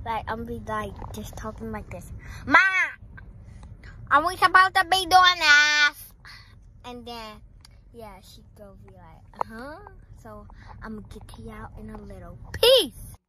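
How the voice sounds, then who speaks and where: A woman's voice: fairly high pitch, pushed and bright, rough recording. A young woman vlogging from inside a car, talking in a playful, drawling slangy way as she teases her mom. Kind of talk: casual vlog chat with a put-on slangy voice. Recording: road noise in a car.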